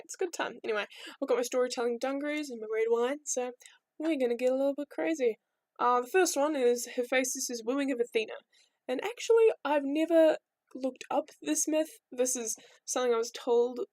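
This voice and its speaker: A woman's voice: sits high, dry recording. A young woman telling myths as a casual, rambling vlog story, full of irreverent asides. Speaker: vlogger.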